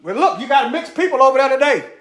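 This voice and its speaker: A man's voice: extremely high pitch, lively intonation, quick pace, a bit bright, roomy sound. A man giving preachy commentary over a screen share. He talks straight to his viewers, repeats phrases for emphasis, and mutters asides while he searches.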